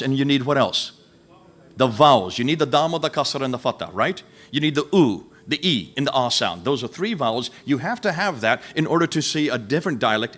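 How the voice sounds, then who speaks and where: A man's voice: a little high, fairly bright tone. A man giving a live lecture, firing rhetorical questions and turning to address his listeners directly.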